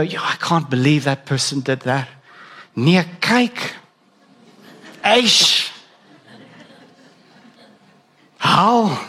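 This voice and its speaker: A man's voice: on the high side, fairly bright tone. A man preaching a sermon in a conversational way, asking the listeners direct questions. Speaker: pastor.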